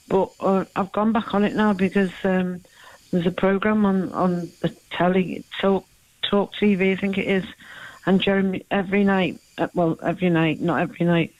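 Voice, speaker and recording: A hoarse woman rambling on a radio phone-in. Her voice comes through a dull, muffled phone line, and the sound is dry. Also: on the low side, a little mellow, no room sound. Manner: rambling, with many fillers. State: losing her voice. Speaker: caller.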